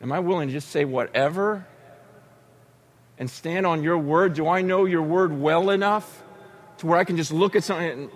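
A man preaching a sermon, telling stories with acted-out voices and sudden shouts. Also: on the high side, normal speed. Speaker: pastor.

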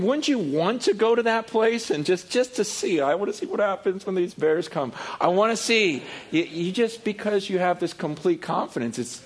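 A middle-aged pastor preaching a sermon, animated, acting out voices, sometimes dropping to a quiet confessional tone. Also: male voice, husky. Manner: animated, acts out voices with rising pitch and loudness.

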